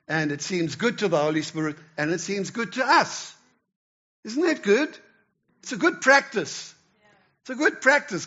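A man's voice: high voice, fairly bright tone, muffled recording. A man, a church elder, giving a conversational sermon with frequent restarts and stumbles. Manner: conversational preaching with stammered restarts. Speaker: pastor.

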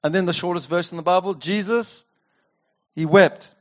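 A pastor preaching a sermon, reading scripture and talking it over conversationally with rhetorical questions. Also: male voice, high-pitched, normal speed. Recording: dull lo-fi sound.

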